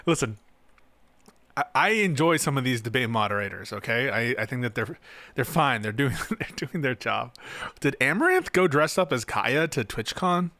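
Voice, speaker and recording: A man's voice: medium pitch, big pitch swings, moderate pace, pushed and bright, no echo. A man hosting a casual reaction stream, making sarcastic jokes and laughing at the clips. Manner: sarcastic, laughing, joking asides. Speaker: streamer host.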